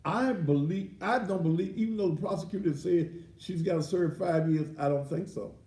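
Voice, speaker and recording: A man's voice: high voice, moderate pace, dark tone. A man hosting a commentary show and ranting in a blunt, crude, indignant manner. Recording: echoey room, voice off-mic.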